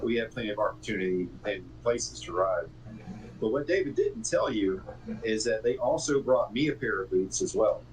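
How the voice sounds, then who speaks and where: A man in casual chat, speaking in a calm, plain-spoken way. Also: lowish voice, moderate pace, poor audio.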